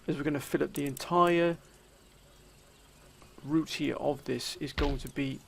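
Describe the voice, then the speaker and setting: Gravelly man narrating his strategy game. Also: a little high, steady tone, measured pace. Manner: theatrical, addresses viewers as 'sir' and 'gentlemen'. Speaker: let's play commentator. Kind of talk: game commentary.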